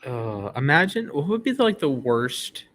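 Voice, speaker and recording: A young man talking sports in a relaxed, dry way, full of "uh" and "like" fillers. His pitch sits in the middle range. A faint hiss runs under his voice. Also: a little slow. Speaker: sports betting show co-host. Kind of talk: casual sports chat.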